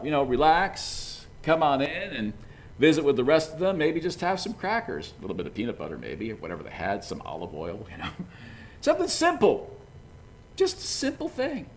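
A man preaching a conversational sermon in a folksy, chatty way, peppered with "you know.". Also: fairly high pitch.

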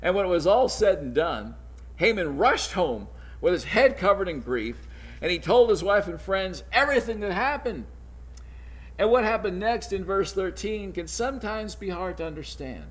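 A man's voice: high voice, very animated, normal speed. A man teaching from the Bible, retelling the story in a conversational way with informal asides and chuckles.

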